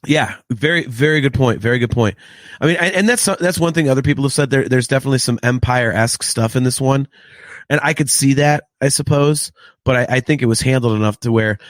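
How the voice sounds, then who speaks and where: A man hosting a casual podcast chat, talking in an excitable, profane, ranting way. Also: mid-range voice, fairly quick, dry recording. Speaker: podcast host.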